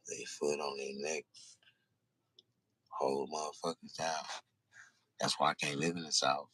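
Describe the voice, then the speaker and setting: Deep-voiced man ranting profanely. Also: fairly bright tone, breathy edge, no room sound. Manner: profane, rambling, confessional. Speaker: vlogger. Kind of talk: casual ranting monologue.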